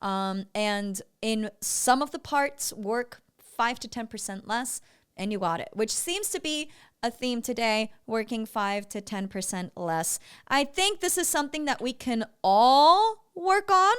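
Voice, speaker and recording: A woman's voice: on the high side, lively intonation, unhurried, a bit bright, smooth. A woman vocal coach giving feedback on a student's singing, breaking into short sung syllables to demonstrate. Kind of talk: vocal evaluation commentary.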